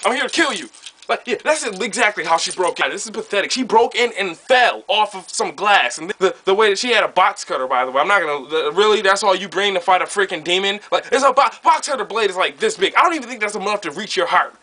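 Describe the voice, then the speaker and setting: Male reviewer, high and sharp voice, sarcastic rambling movie rant. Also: expressive, quick pace, few pauses.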